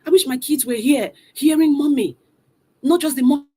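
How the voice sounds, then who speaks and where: A mother of three, working as a motivational coach, hosts a live virtual event from a room in her home rather than a studio. Her high, warm voice moves at normal speed, full of energy as she repeatedly urges her audience on.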